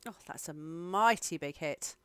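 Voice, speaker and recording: Unhurried woman running a tabletop game. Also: low voice, background noise. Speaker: game master.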